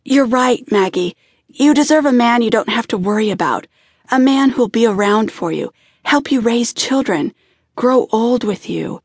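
A woman narrator voicing Chance, a steady and reassuring male firefighter. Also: on the high side, moderate pace, no echo, clean studio sound.

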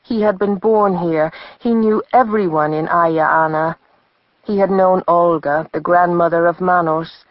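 A woman narrating a novel as an audiobook in a measured storytelling manner. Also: fairly low pitch, steady tone, no room sound, dull audio. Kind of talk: scripted narration.

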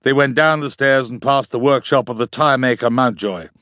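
Brief: male novel narrator, theatrical and lively, dry studio read. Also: medium pitch, fairly quick, no echo. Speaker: audiobook narrator. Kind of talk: scripted narration.

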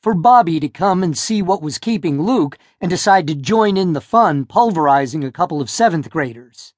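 A man narrating an audiobook with expressive storytelling, recorded close to the mic. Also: a little high, normal speed, no room sound. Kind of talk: scripted narration. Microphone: close studio mic.

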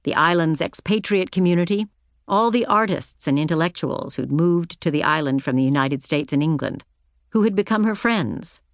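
Low-voiced woman narrating an audiobook. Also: vocal fry, dry recording, studio quality. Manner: measured, reflective reading. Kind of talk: scripted first-person narration.

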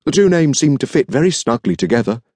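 A man's voice: medium pitch, big pitch swings, fast, mellow, no echo, clean studio sound. A male audiobook narrator voicing a polite, refined young dandy who works in an art shop, speaking eagerly and deferentially. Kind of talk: audiobook character reading.

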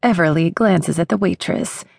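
A woman's voice: lowish voice, normal speed, gravelly, a little mellow, no echo. A woman reading a contemporary romance audiobook in first person, with wry, dry humor, on a close studio mic. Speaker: audiobook narrator.

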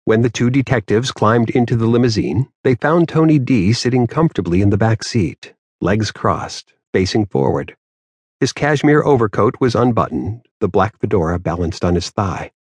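A man narrating a crime novel audiobook in a steady, measured way. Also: fairly low pitch, slightly rough, no echo. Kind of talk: scripted narration.

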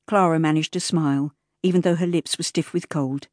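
A woman narrating an audiobook in a measured, even storytelling manner, recorded close in a studio. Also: sits low, dry recording. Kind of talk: scripted narration. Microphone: close studio mic.

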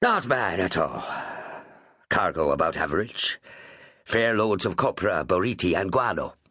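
A man's voice: low voice, lively intonation, unhurried, bright, forceful tone, slightly rough, no echo, studio quality, exaggerated voice. A man voicing a hearty Irish sea captain. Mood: easygoing. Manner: hearty, rambling, teasing. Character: jovial big Irish sea captain, middle-aged. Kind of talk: audiobook character voice.

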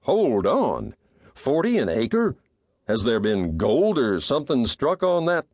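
A man's voice: medium pitch, very animated, slow pace, darkish tone, no room sound, voice pushed up. Brief: a guarded, understated cowboy in a western audiobook, read by a male narrator, dry read. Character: grave, guarded cowboy returning home. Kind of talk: audiobook character voice.

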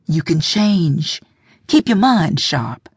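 A woman's voice: sits low, big pitch swings, takes it slowly, slightly rough, no echo, clean studio sound, exaggerated voice. A woman voicing a middle-aged mother who urges and coaxes in a firm, insistent way. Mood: urging.

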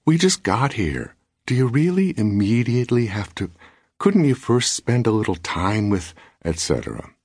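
A man voicing a calm, cutting wife in an audiobook, speaking with pointed emphasis. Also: medium pitch, normal speed, breathy edge, dry recording, studio quality, pitched above the performer's own voice. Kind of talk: audiobook character voice.

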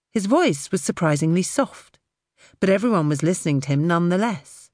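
A woman narrating an audiobook in the first person with expressive storytelling. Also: on the low side, a little fast, dry recording, clean studio sound.

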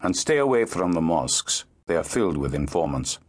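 A man's voice: deep voice, sing-song, a little fast. A man doing a stern, skeptical older uncle. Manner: probing, dry and commanding. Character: stern worldly middle-aged uncle, skeptical.

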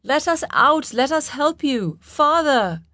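A woman's voice: a little high, normal speed, darkish tone, dry recording, studio quality, close to an everyday voice. A woman voicing a frightened young female servant who pleads and whispers urgently. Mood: pleading.

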